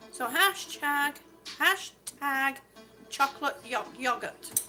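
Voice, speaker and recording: A woman's voice: high-pitched, normal speed, pushed and bright. A woman chatting on a livestream while out on a walk, rambling and laughing often. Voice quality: rambling, chatty, self-described waffler. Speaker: livestream vlogger. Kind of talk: casual livestream chat while walking. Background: background music.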